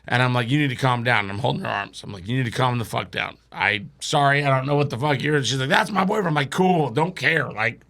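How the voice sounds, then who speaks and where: A man's voice: medium pitch, animated, fast, few pauses, a bit bright. A young man telling a wild drinking story as a podcast guest, swearing and laughing through it. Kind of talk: casual storytelling.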